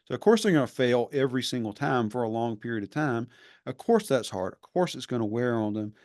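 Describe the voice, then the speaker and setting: A man's voice: medium pitch, lively intonation, brisk, darkish tone, no room sound. Earnest ex-professor guy hosting a podcast, rambly, lots of restarts, dry sound. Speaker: podcast host; former professor. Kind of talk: reflective conversational interview.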